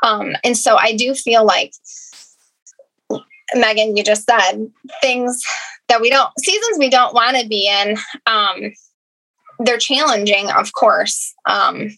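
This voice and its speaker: A woman's voice: on the high side, slow pace, gravelly, sharp tone, rough recording. A woman pastor with a Midwestern accent, talking earnestly and reflectively on a faith podcast, with many fillers. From Michigan. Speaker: guest pastor. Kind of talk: casual faith podcast chat.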